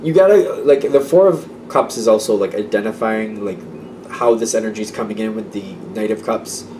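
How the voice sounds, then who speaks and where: A man's voice: fairly low pitch, fairly quick, mellow, far from the mic, a little hiss or hum. A man giving a casual tarot reading, chatty and repetitive, with small laughs between his thoughts. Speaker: tarot reader.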